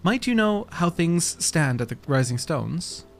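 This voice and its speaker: A man's voice: on the high side, very animated, unhurried, soft background music. A man reading aloud the lines of an earnest young male noble commander in a fantasy game, with formal old-fashioned phrasing.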